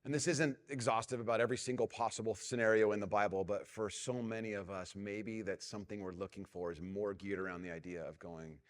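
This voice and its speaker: A middle-aged man preaching a sermon as pastor, telling a self-mocking story and dropping to a hushed, prayerful tone. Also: on the low side, fairly even intonation, brisk, few pauses. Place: large church hall. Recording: long reverb of a church hall.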